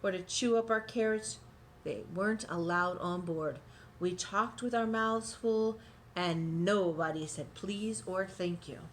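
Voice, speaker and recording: A woman with a mid-pitched voice reads a children's picture book aloud, pausing for gentle explaining asides aimed at young listeners. Faint noise sits under the recording. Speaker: storybook reader.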